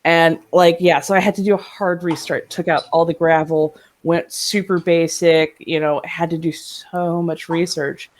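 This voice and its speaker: A woman's voice: fairly low pitch, little pitch movement, moderate pace, few pauses. A woman co-hosting a casual chat, telling a story animatedly, acting out voices and laughing often, heard over a video call. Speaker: podcast co-host.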